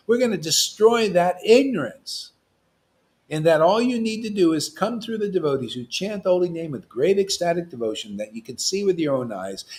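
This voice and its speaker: Speaking in a fairly high voice, a man delivers a casual devotional talk as a spiritual teacher. His style is provocative and lively, with frequent laughter and shifts from loud outbursts to quiet asides.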